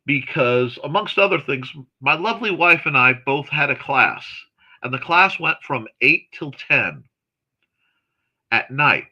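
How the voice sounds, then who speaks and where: A man hosting a morning livestream, chatting casually and reading viewer comments aloud in a chatty, excitable way with snarky asides. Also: medium pitch, a little slow, highs cut off. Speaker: host of a morning livestream chat show.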